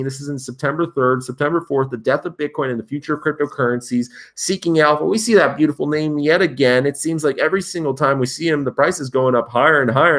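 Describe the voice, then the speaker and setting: A young man hosting casual commentary, reading headlines aloud and reacting with sarcastic, incredulous remarks and sudden jumps in pitch. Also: fairly bright tone. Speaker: crypto commentary host.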